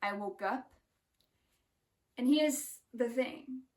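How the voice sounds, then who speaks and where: A spiritual vlogger talks casually to her viewers about a spiritual experience, emphatic and intense, saying "like" constantly. Her voice is fairly high with a darkish tone, she draws out her words, and the mic is distant.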